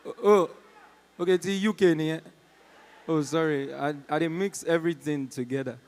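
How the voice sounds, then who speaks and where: A man's voice: fairly high pitch, steady tone, normal speed, darkish tone. A man with a Nigerian accent performing a chatty stand-up comedy set and teasing the crowd. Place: comedy concert stage. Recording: live hall with long reverb.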